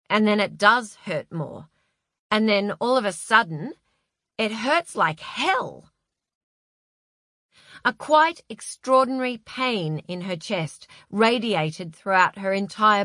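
In this scripted audiobook narration, a woman tells a novel's story in a wry, expressive way. She speaks at medium pitch, and the studio sound is clean, with no echo.

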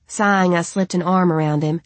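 A woman narrating a first-person novel in a steady, even storytelling manner. Her voice is on the lower side for a woman. The recording is dry and close, with no room sound. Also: a little fast, dry recording. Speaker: audiobook narrator.

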